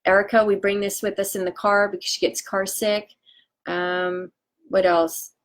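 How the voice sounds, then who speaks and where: A woman in her forties selling essential oils on a live stream, talking in a chatty, excitable way with lots of fillers and restarts. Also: medium pitch, normal speed. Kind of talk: casual live-stream chat.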